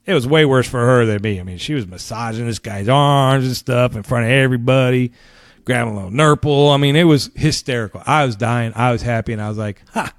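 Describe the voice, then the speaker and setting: A man's voice: mid-range voice, brisk, no room sound, studio quality. A man hosting his own podcast, telling a story in a casual, swearing, rambling rant and laughing along with it. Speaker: podcast host.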